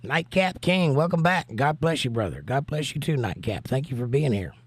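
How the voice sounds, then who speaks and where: A man with a Southern US accent and a hoarse voice, hosting a livestream and reading chat comments aloud in an easygoing, drawling way. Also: medium pitch, big pitch swings, normal speed, no room sound. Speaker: livestream host.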